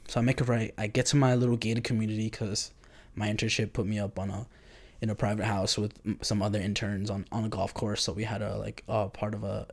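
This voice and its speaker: A man's voice: fairly low pitch, flat delivery, quick pace, vocal fry. A man in his twenties telling a personal story in a loose, profane, casual way, full of fillers and acting out his own reactions. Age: 20s.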